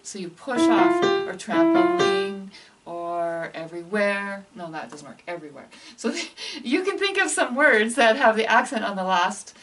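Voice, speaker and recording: A woman's voice: medium pitch, very animated, normal speed. Woman explaining piano teaching, a bit distant. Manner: chatty, explains while demonstrating on piano. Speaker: music teacher trainer. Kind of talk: casual instructional walkthrough.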